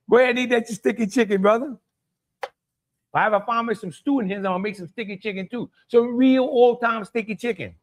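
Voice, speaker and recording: A middle-aged man with a Cajun accent hosting a live cooking stream, talking in a folksy way and greeting viewers by name. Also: high-pitched. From Louisiana. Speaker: cooking show host.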